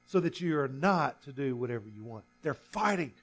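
A man's voice: medium pitch, animated, normal speed, hardly any pauses, soft background music. A male pastor preaching a sermon earnestly, often restarting and repeating himself.

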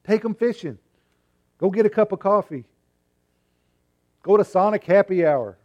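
A male pastor preaching an earnest sermon, moving between emphatic and hushed delivery. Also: high voice, lively intonation, moderate pace, muffled recording.

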